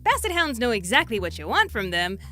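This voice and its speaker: A young adult woman telling a comedic story in a playful, animated way, swinging her voice up and down as she acts out the people she quotes. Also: on the high side, fairly quick, soft background music. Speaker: storytelling YouTuber.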